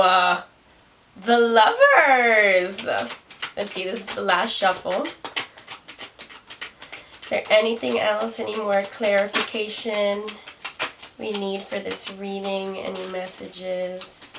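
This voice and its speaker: A woman's voice: medium pitch, little pitch movement, unhurried, vocal fry, pauses often. Young woman doing a chatty tarot reading. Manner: chatty, musing, laughs at herself. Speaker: tarot reader. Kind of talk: casual tarot reading to camera. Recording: distant mic, faint noise.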